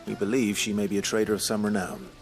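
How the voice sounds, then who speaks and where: A man voicing a grim, stern male swordsman in a video game, speaking in a measured, formal way. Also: on the low side, steady tone, close to an everyday voice. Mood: steady. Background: game soundtrack music.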